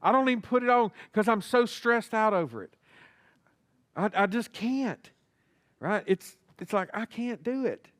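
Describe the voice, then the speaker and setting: A man's voice: high-pitched, animated, a little slow, fairly bright tone, dry recording. A male pastor preaching a sermon in a church, talking to the congregation and acting out little dialogues. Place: church sanctuary.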